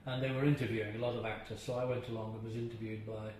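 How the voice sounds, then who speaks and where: Recorded in a very echoey room with a faint hiss, this older man's voice sits on the low side, racing along with little pitch movement and a darkish tone. Under interview, he swaps chatty anecdotes from his acting career, chuckling and now and then doing impressions of voices.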